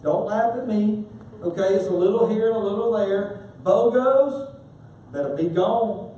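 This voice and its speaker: High-voiced pastor in an echoey hall. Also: male voice, unhurried. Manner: humorous, animated storytelling. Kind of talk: sermon. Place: church sanctuary. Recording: echoey church hall from far off.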